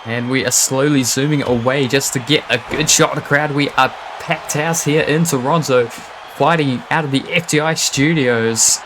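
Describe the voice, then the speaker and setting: A man doing live play-by-play wrestling commentary, reacting with quick gasps and exclamations. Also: medium pitch, background noise.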